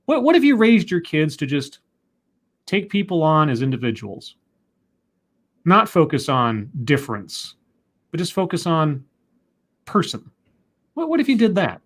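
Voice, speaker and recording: Guy host ranting, fed up, voice sits pretty high. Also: huge pitch swings, measured pace, pauses often. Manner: exasperated, ranting. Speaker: podcast host. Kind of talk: casual discussion.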